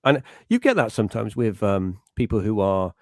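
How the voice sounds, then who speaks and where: A man's voice: on the low side, sing-song, normal speed, darkish tone, no echo, studio quality. A middle-aged man hosting a podcast in casual chat, rambling and breaking off to act out little quotes. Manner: rambling, self-interrupting, acts out quotes. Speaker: podcast host.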